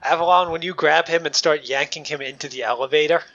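Male game master, wry measured narration, bright tone, dull lo-fi recording. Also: on the high side, slight background noise. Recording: dull lo-fi mic.

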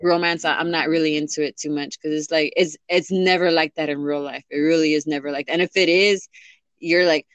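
Young woman rambling in a relaxed chat, lots of likes and ums, dry close sound. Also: low-pitched, quick pace, few pauses, dry recording. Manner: rambling, many fillers and restarts. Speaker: interviewee. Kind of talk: casual chat.

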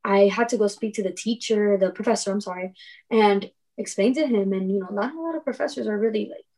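A woman's voice: mid-range voice, brisk. Young adult woman, podcast guest, casual storytelling, frequent laughter, plays out quotes. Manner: lively, laughs often, acts out quoted dialogue.

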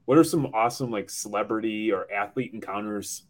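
A man's voice: lowish voice, fairly quick. A man hosting a podcast, asking easygoing questions and tossing in quips. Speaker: podcast host. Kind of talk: casual podcast chat.

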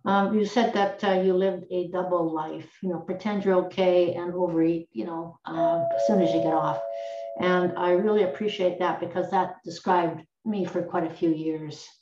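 A woman's voice: fairly low pitch, steady tone, moderate pace, mellow, slight background noise. A woman giving a rambling, frank comment on a video call, with many fillers. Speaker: meeting participant. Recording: distant echoey muffled call audio.

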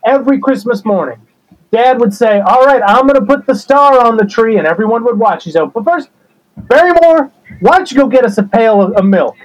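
A man's voice: very high-pitched, expressive, a little fast, low-quality recording. A man playing a rambling, resentful black-sheep brother in an improvised comedy interview. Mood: aggrieved. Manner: rambling, grudging, aggrieved.

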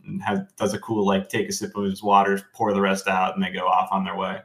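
Deep-voiced man recapping a show. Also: monotone, a little fast, hardly any pauses, a bit bright. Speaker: podcast co-host. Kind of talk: casual chat.

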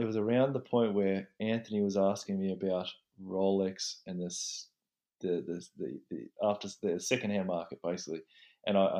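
A man in a relaxed podcast conversation, a watchmaker talking about his work. He rambles in a friendly, self-deprecating way, with a voice that sits on the low side. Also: muffled recording. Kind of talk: casual chat.

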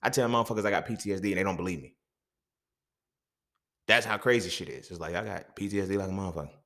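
A man's voice: low voice, quick pace, sharp tone. A man hosting a podcast, talking in a casual, profane monologue full of rhetorical questions. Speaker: podcast host.

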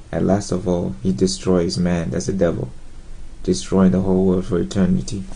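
Male preacher, earnest and halting, dark mellow gravelly voice. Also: sits low, rough recording. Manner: earnest, halting, with frequent fillers and restarts. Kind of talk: informal gospel sermon to camera.

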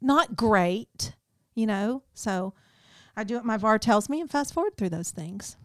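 A woman's voice: medium pitch, expressive, measured pace, no room sound, studio quality. A woman co-hosting a casual chat podcast, joking and laughing often. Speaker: podcast co-host.

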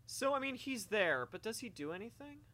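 A man chatting casually during a movie commentary, excitable, laughing often and tripping over repeated words. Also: very high voice, fairly quick, music in the background.

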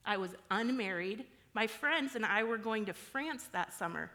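Bright-voiced woman preaching in a hall. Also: mid-range voice, lively intonation, normal speed. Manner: frank, conversational, self-deprecating. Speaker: church speaker. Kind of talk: candid personal sermon.

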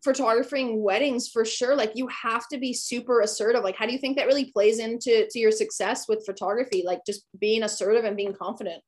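A woman's voice: fairly high pitch, steady tone, a little fast, hardly any pauses, darkish tone. A young adult woman hosting a casual interview podcast, chatty and full of "like" fillers. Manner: chatty, peppers speech with "like".

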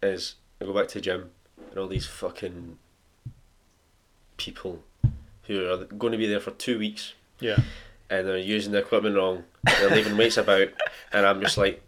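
A man's voice: low-pitched, flat delivery, normal speed, fairly bright tone. A man co-hosting a podcast, ranting bluntly about gym annoyances in casual chat. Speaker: podcast co-host.

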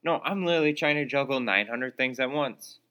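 A man's voice: medium pitch, brisk, sharp tone, smooth. A young man hosting his own podcast, ranting sarcastically about college life with lots of "like" and "uh", sounding exasperated. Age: young adult. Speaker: solo podcast host. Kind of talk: casual ranting monologue. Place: small room, calls it his studio.

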